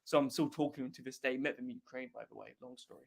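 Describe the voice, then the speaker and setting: A man's voice: mid-range voice, fairly even intonation, very fast, creaky, slightly rough. A young man from Wales, telling a story as an interview guest in an offhand, profane way that keeps breaking into laughs. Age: young adult. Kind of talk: casual storytelling.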